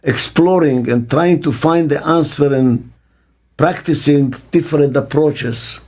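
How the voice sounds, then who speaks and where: Slow, emphatic older man. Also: a little high, a little mellow. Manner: emphatic, with short punchy sentences and rhetorical questions. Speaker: business consultant. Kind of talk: interview answer, speaking to camera.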